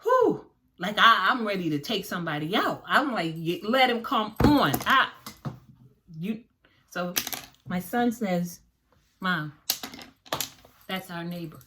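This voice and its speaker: A woman vlogger telling a story to her viewers in a dramatic, animated way, acting out the dialogue, with features. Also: fairly low pitch, slow pace, pauses often, background noise.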